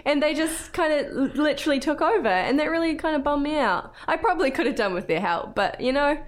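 A woman's voice: high-pitched, lively intonation, brisk. Chatty New Zealand woman telling stories. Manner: chatty storyteller, laughs often. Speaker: podcast host. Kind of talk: casual chat.

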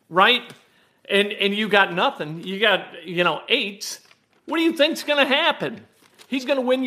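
A man hosting a sports talk show, giving emphatic, animated opinions on a football game. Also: sits high. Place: home.

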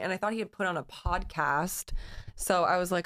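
Woman cohosting a podcast, telling stories casually, gets animated. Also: medium pitch, brisk. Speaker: podcast co-host. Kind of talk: casual chat.

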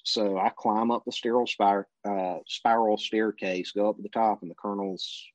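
Low-voiced man telling a story. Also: normal speed, hardly any pauses, no room sound. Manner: relaxed anecdotal, briefly mimicking the people he quotes. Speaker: interview guest. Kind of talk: casual storytelling. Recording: dull lo-fi recording.

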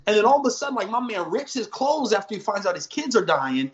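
A man, a pastor, preaching in a podcast conversation with energetic, slangy storytelling and emphatic repeated lines. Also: high-pitched, fast, highs cut off, slight background noise. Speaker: pastor guest.

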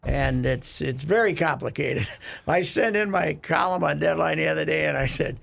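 A man hosting a radio sports talk show, rambling and animated in casual chat, with a gravelly voice. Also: on the high side, normal speed. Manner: rambling, animated, laughs often. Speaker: radio host.

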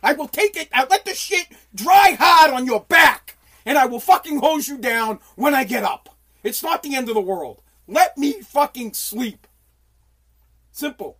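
A man's voice: very high-pitched, a bit bright. A middle-aged man from the United States in his home basement, ranting on a casual livestream in a profane, exasperated, pleading way. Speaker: livestream host.

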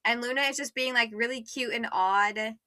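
A chatty young woman co-hosts a casual podcast, peppering her retelling with "like" and slipping into quick voices for each character. Her voice sits high and sounds bright and crisp. It is recorded dry and close, with no room sound. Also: no echo. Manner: chatty, says "like" a lot, acts out characters' lines. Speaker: podcast co-host. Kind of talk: casual podcast chat, retelling a fan fiction story.

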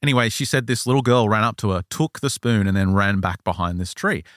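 A man hosting a podcast, telling an eyewitness story in a casual, animated way and acting out the quoted lines. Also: lowish voice, fairly quick, no room sound, studio quality. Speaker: podcast host. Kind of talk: casual chat, retelling an eyewitness account.

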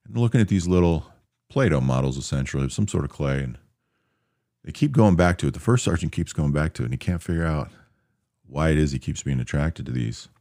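A man with an extremely deep, low voice tells a story in a relaxed, matter-of-fact way. He sounds close and dry, with no room echo, and briefly acts out the people he quotes. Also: brisk. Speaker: storyteller recounting army anecdotes. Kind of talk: casual spoken storytelling.

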